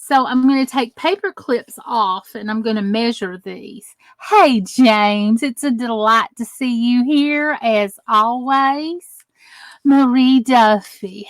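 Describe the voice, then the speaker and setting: Working with her hands during a live crafting tutorial, a middle-aged American woman chats and welcomes viewers by name. She is the channel's host, her voice on the high side, with no room sound.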